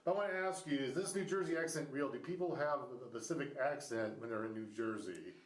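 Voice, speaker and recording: A man in his thirties hosts a casual podcast interview in an average-pitched voice. He rambles through halting restarts, ums and likes. The room around him is noticeably echoey. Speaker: podcast host. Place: Ohio.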